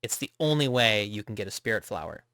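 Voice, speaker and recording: Man, podcast co-host, animated, casual chat, dry close mic. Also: quick pace, dry recording. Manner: animated, laughing, jumps up in pitch on exclamations.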